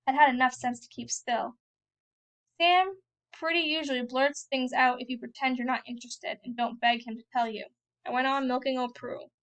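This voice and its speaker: A woman with a high voice reads a first-person novel aloud. Her narration is plain and steady. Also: normal speed, smooth. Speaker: reader.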